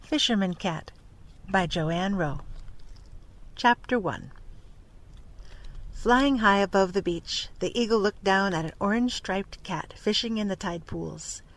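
A woman children's librarian reading a storybook aloud, calm and expressive. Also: mid-range voice, a little slow, long pauses.

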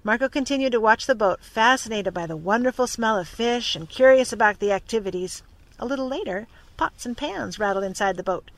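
A narrator reading a storybook aloud in a steady, clear manner. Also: mid-range voice, a little fast, no echo.

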